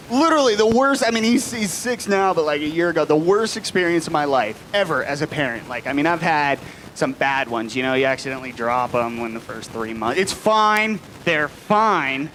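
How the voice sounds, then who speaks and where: A man in his late twenties performing a profane stand-up comedy set on a live stage, dropping to low mutters and then shouting the punchlines. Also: a little hiss or hum. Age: 20s.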